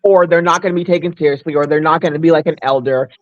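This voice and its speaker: A woman's voice: sits low, fairly even intonation, fast, a little mellow, no room sound, dull audio. A woman hosting a casual livestream chat, talking frankly and rambling with lots of restarts. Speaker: livestream host. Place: abroad, away from home.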